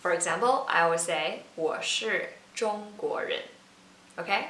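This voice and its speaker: A woman teaching a casual Mandarin lesson, patiently repeating words slowly for learners. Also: on the low side, fairly bright tone. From China. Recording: roomy, slightly distant mic with faint noise.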